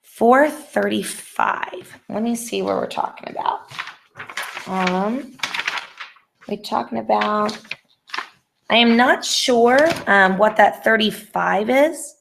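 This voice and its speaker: A woman's voice: mid-range voice, slow pace, creaky, pauses often, noisy background. Young female teacher, casual and patient, thinks aloud on a laptop video call. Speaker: Spanish teacher. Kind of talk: online class review session.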